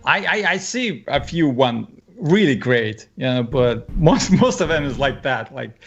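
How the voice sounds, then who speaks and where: A man's voice: medium pitch, animated, unhurried, highs cut off, faint music behind. A Russian man with a Russian accent, a guest chatting on a live stream, hesitant and repeating his words. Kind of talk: casual live-stream chat.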